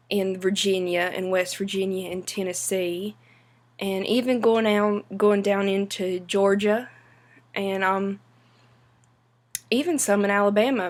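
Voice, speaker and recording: A young woman from western North Carolina talks to her camera in a relaxed vlog. Her Appalachian Southern accent is strong, and her pitch stays fairly level. She takes her time, filling the gaps with soft "um"s. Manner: unhurried, many "um" pauses. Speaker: vlogger. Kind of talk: casual explanatory vlog.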